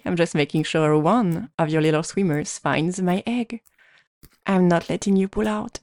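A young woman performing an adult audio role-play in a dominant, teasing voice with breathy murmurs, close to the mic. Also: on the low side, darkish tone, no echo.

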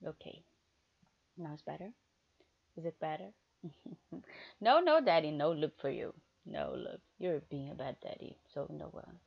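Woman, adult audio role-play, teasing and bossy, unhurried delivery, dull lo-fi sound. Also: deep voice, fairly even intonation, vocal fry, breathy edge. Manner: teasing and commanding; swings between hushed murmurs and loud outbursts.

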